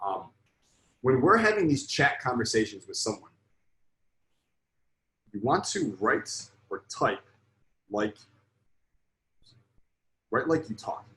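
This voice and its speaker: A man in the middle pitch range teaches a live sales lesson to an online group. He talks bluntly and with emphasis, swearing often to drive his points home. The room around him has a noticeable echo. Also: big pitch swings, takes it slowly, long pauses, a bit bright. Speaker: sales coach.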